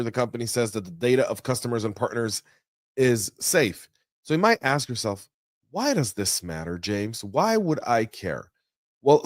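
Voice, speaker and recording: A man hosting a news podcast, talking through the stories in a chatty, energetic way with folksy asides. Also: mid-range voice, no room sound, clean studio sound. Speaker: podcast host. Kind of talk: casual news commentary. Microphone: studio mic.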